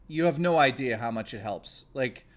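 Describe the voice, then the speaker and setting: A man's voice: medium pitch, expressive, normal speed. A man live-streaming, talking emotionally and rambling, stammering and swearing, close to tears. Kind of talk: casual live-stream chat.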